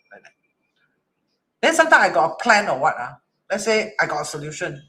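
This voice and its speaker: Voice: mid-range voice, animated, fairly quick, fairly bright tone. A Chinese metaphysics teacher talking casually to an online class, speaking colloquial English with "lah" and "lor" and often asking "correct?". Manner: chatty, asks rhetorical "correct?" often.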